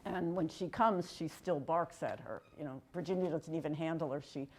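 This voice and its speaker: A woman's voice: low-pitched, moderate pace, darkish tone, a little hiss or hum. A woman who owns a dog, chatting with her trainer in a hesitant way full of fillers. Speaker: dog owner. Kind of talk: casual chat.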